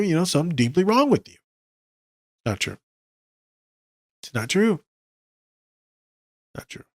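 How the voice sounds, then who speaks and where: A man's voice: medium pitch, a little mellow, no room sound. Tired male therapist-host, loose profane chat, dry recording. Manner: casual, profane, conversational. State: tired, yawning. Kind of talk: casual solo podcast talk.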